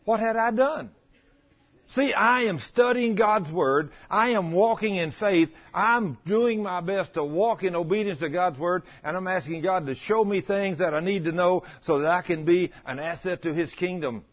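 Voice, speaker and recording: Older male preacher, high-pitched and folksy, animated storyteller, muffled lo-fi sound. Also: normal speed. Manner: folksy, animated, acts out quoted voices. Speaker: preacher in a healing ministry. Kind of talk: sermon storytelling. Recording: dull lo-fi recording.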